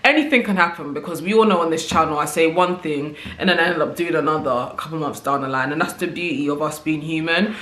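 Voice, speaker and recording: A woman's voice: sits low, fast, few pauses, fairly bright tone, echoey room. A woman vlogger talking casually to camera, reflective and conversational, often checking in with the listener as she thinks aloud. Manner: reflective, conversational, often tags "right?" and "you know". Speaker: vlogger sharing opinions.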